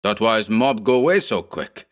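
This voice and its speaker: A hulking, hog-necked thug who speaks in broken English and begs his boss to listen, skittish and superstitious, as a man puts him on. The voice sits low and is read like a pulp radio play. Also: lively intonation, moderate pace, natural voice. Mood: pleading.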